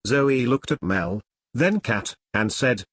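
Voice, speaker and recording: A man narrating a story in a plain, even storytelling read. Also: medium pitch, slow pace, husky, no room sound, clean studio sound. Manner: plain storytelling read, few voice changes for characters. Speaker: audiobook narrator. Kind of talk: scripted narration.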